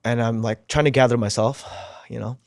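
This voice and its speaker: Male podcast guest, mid-range voice, lively anecdotal storyteller who swears and acts out the quotes. Dead, dry room. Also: mid-range voice, normal speed, creaky, no room sound. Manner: drops to a hushed whisper at tense moments.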